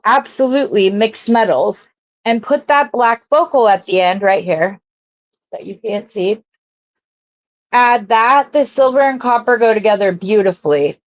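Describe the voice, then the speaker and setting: A woman's voice: fairly high pitch, lo-fi sound. A woman hosting a jewelry-making live stream, chatting casually and rambling as she greets viewers and works.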